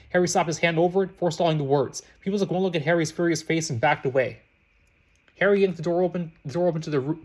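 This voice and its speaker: Male story reader; fast, slightly high, frequent restarts. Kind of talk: reading fan fiction aloud.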